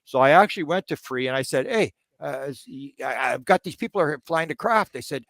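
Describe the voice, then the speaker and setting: This guest researcher, a man from Canada in his sixties, has a fairly high, gravelly voice and speaks briskly on a dry recording. His interview answers wander, broken up by frequent restarts, hesitations and ums, until he perks up while recounting stories.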